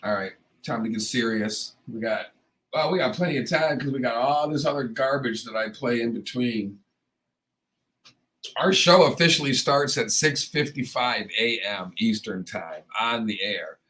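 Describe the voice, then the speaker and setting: A man's voice: medium pitch, normal speed, fairly bright tone, poor audio. A man hosting a morning radio show in a studio, chatting casually in a rambling, joking, self-deprecating way, with a slightly froggy voice. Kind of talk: casual on-air chat.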